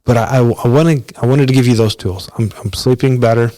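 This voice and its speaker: A man hosts his own podcast alone, speaking casually and personally into a close mic with no echo. His medium-pitched voice has a dark tone and moves a little fast, with frequent restarts and filler words.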